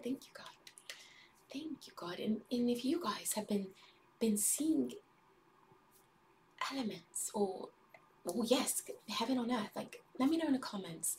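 A woman hosting a casual spiritual livestream, talking in a meandering, airy way with many likes and drifting into soft whispered prayer. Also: a little high, distant mic, a little hiss or hum. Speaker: livestream host.

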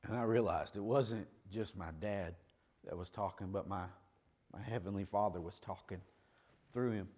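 A middle-aged male preacher delivering a sermon, dropping to slow, quiet words and then rising to loud hollering. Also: fairly low pitch.

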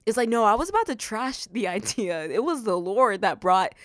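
A young adult woman hosting a faith-based podcast, telling stories and acting out what people said in an animated way. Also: medium pitch, moderate pace, no room sound, studio quality. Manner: animated storytelling, acts out quotes. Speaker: podcast host.

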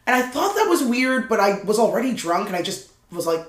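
A man's voice: high-pitched, sing-song, a little fast. A man, a guest comedian, telling a story in casual podcast chat and acting out the other people's voices. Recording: roomy echo.

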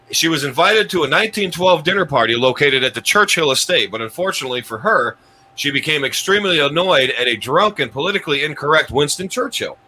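A man's voice: fairly high pitch, sharp tone, slight background noise, low-quality recording. A man hosting a comedy countdown show, rambling with restarts and chuckling at his own jokes. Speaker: host.

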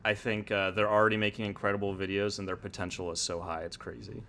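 A man's voice: fairly low pitch, little pitch movement, fast talker, gravelly, bright, forceful tone. A man appearing as a guest on a podcast, talking casually, reflective and enthusiastic, with plenty of agreeing murmurs. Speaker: podcast guest, video essayist.

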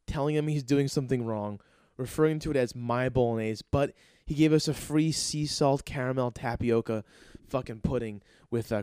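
A man's voice: medium pitch, smooth, no room sound, clean studio sound. A young man hosting a comedy podcast, telling a story in a casual, profane and rambling way. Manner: excitable, profane, rambling with restarts. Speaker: podcast host and aspiring comedian.

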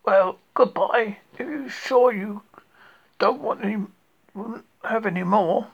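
A reader voicing a fussy, polite male rabbit in a storybook reading, brisk and prim. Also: mid-range voice, vocal fry, husky, pitched above the performer's own voice, heavily acted. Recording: lo-fi recording.

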